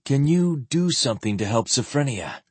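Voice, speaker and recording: A man reading as a quiet, steady knight, his voice dropped a little lower and softer than a narrator's. The tone is husky and the sound close and dry, with measured, low-key delivery. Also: dry recording.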